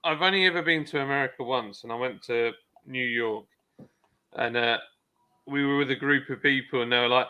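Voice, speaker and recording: A man's voice: mid-range voice, fairly quick, pushed and bright, clear, resonant tone. A man with a Cockney accent in a casual chat, a chatty storyteller who laughs easily. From England.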